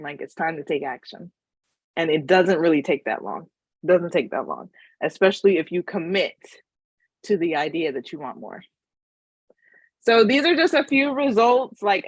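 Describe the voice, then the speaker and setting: A woman's voice: mid-range voice, no echo, muffled recording. A woman giving a casual motivational webinar talk as a money mindset coach, telling her story earnestly and emotionally.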